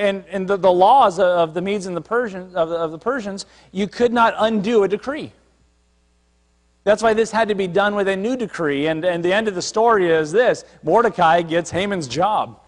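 A man's voice: high-pitched, big-room sound. A man, a pastor, preaching a sermon in a conversational way, retelling a scripture story with acted asides.

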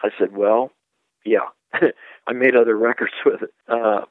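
A man's voice: on the low side, steady tone, a little slow, no echo. Older man telling stories over a tinny line. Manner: rambling, acts out quoted voices. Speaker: guest, record producer. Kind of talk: anecdotal storytelling interview. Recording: tinny phone-like line, dry.

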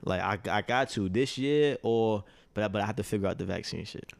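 A man's voice: lowish voice, brisk, creaky, dry recording. A man co-hosting a podcast, talking loose and profane in casual chat. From Ghanaian family. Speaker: podcast co-host.

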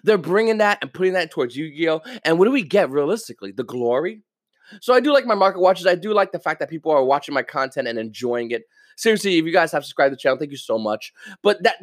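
Fast-talking, animated podcast host man. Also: on the high side, no echo, studio quality. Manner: animated, ranting, stammers and repeats words, swears. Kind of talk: casual solo podcast monologue.

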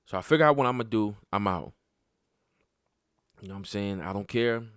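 A man hosting a podcast, telling a personal story in casual, profane talk that climbs sharply in pitch when he gets worked up. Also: brisk, clear, resonant tone, dry recording, studio quality. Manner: animated and profane, voice jumping up when heated. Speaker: podcast host.

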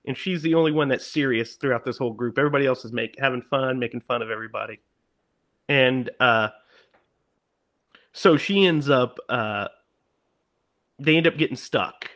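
Animated man retelling a horror film. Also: mid-range voice, normal speed. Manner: animated, acts out characters' lines in put-on voices. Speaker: podcast co-host.

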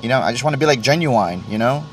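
A man's voice: mid-range voice, lively intonation, fast talker, slight background noise. A man hosting his own podcast, rambling casually and self-deprecatingly while tasting tea, cursing often and stumbling over restarts. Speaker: podcast host. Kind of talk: casual solo podcast rant.

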